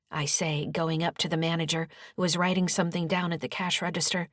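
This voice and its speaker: A woman author narrating her own audiobook in the first person, with a steady storytelling delivery. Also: fairly low pitch, fairly quick, few pauses, no room sound, studio quality.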